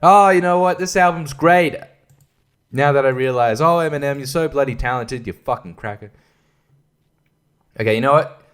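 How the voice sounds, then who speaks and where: A man's voice: medium pitch, normal speed, pauses often, a bit bright, clean tone. A man giving a casual, sweary, sarcastic album review, often laughing at his own jokes. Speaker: music reviewer.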